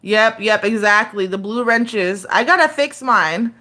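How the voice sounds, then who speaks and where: A woman's voice: mid-range voice, a little slow, sharp tone. A woman in her thirties chatting casually on a live stream, loose and profane, rambling with lots of fillers and restarts.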